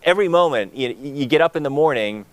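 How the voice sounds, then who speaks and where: Earnest, rambling male co-host with an animated voice. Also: on the high side, fast talker, no echo. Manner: earnest, rambling, many fillers and restarts. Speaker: gala co-host. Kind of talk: heartfelt live co-hosting.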